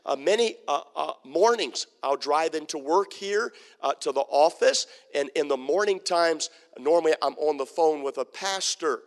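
A man's voice: fairly high pitch, normal speed, few pauses, big-room sound. A man preaching a sermon as a pastor, telling stories with humor and acting out the people in them. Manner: storytelling, animated, with acted-out quotes and humor. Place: church sanctuary.

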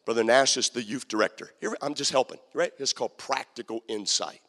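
A man preaching a sermon as pastor, swinging from quiet talk to shouted preaching. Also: mid-range voice, fairly quick, big-room sound. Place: church sanctuary.

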